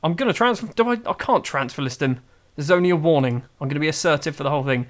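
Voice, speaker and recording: A man giving chatty, self-mocking game commentary that gets excitable. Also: on the high side, fast. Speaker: gaming YouTuber.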